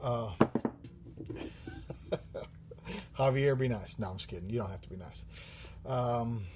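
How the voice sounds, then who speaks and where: A man's voice: mid-range voice, brisk, noisy background. A man hosting a livestream who answers viewer questions in a rambling, joking way, swearing often and using many fillers. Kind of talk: casual live-stream chat.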